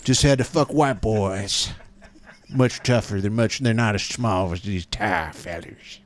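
A man putting on the voice of a gruff old cowboy complaining about a soft generation, crude and drawling. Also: fairly low pitch, animated, unhurried. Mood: grumbling.

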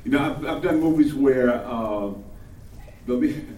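A man's voice: medium pitch, normal speed, mellow. An older male actor telling chatty stories at a panel Q&A, chuckling often. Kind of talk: panel Q&A storytelling. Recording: echoey room, distant mic, faint ambience.

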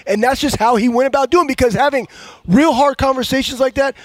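A man with a raspy voice, a former player and strength coach telling stories in a casual sports chat with a lively, preacher-like cadence. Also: extremely high pitch, brisk, no room sound. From Texas. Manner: animated storyteller, preacher-like cadence.

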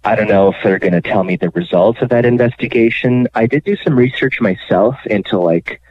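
Low male caller, candid and chatty, heard over a dry phone line. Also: a little fast. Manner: candid, animated storytelling with many fillers. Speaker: guest telling his bank fraud story. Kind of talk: radio interview.

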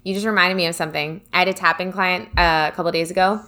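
A woman's voice: fairly low pitch, fairly even intonation, quick pace, sharp tone. A woman co-hosting a casual chat, a tapping practitioner who adds frequent agreement and tells her own stories. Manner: chatty, frequent backchannel agreement. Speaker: podcast co-host, tapping practitioner.

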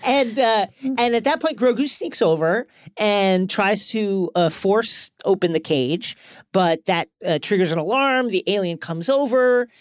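A man's voice: sits high, lively intonation, unhurried, clean tone, no echo, studio quality. Playful man recapping an episode. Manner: playful, retells scenes with quoted voices. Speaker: podcast co-host. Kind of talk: casual recap chat.

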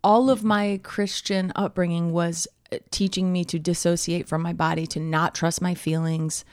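A woman's voice: on the low side, little pitch movement, normal speed, no echo, clean studio sound. A woman in her thirties co-hosting a podcast, chatting animatedly and telling stories, full of fillers and laughs. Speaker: podcast co-host. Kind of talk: casual chat.

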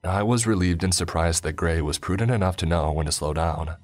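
A man giving a somber, measured scripted horror narration. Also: low voice, darkish tone, faint music behind.

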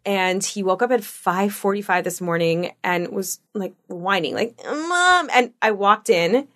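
A woman in her thirties, co-hosting a podcast, tells a story in casual conversation and animatedly acts out what people said. Her voice is mid-range and she speaks a little slowly.

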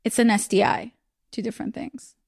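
Fast-talking young woman podcast host. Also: on the high side, vocal fry, slightly rough, dry recording, studio quality. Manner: animated storyteller, acts out voices in quotes. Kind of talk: casual chat.

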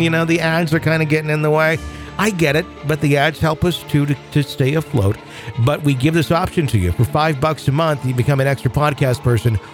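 A middle-aged man hosting a podcast, chatty and rambling as he tells stories in casual talk. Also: a little high. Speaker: podcast host.

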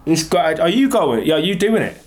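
A man's voice: a little high, brisk, a crowd in the background. A man with a Manx accent, chatting as a guest on a call, telling stories animatedly and swearing a lot. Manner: animated storytelling with lots of swearing. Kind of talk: casual chat.

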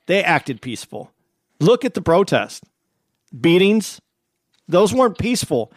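A man co-hosting a podcast in casual chat, earnest and halting, often restarting his sentences. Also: sits high, big pitch swings, dry recording, clean studio sound. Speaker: podcast co-host.

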